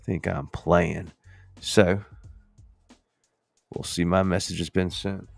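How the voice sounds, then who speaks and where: A man's voice: deep voice, level tone, slow pace, vocal fry, no echo, faint music behind. A male podcast host in a casual, playful demo chat, joking and talking to the viewers as folks.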